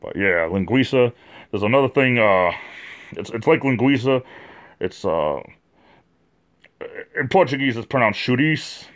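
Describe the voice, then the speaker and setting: A man of middle pitch hosts a loose livestream chat. He rambles from one thing to the next and stops to answer viewers by name. His talk is full of fillers and repeated words. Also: expressive, measured pace, pauses often. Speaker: livestream host.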